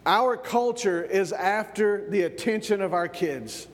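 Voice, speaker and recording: A man's voice: sits high, measured pace, in a large hall. A man from the American South, preaching a sermon as pastor, stumbling over repeated words and asking for amens. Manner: repeats words when building up, calls for amens. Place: church.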